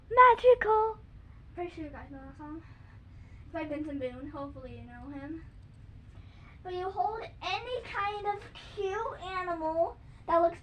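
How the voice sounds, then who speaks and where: A woman's voice: high voice, fairly bright tone. A young girl chattily explaining silly jumping tricks for her video, full of "like" and little sung bits. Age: child. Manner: chatty, giggly, lots of "like", sings silly bits. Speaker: kids' video host. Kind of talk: casual chat showing jump tricks. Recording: dull lo-fi home recording.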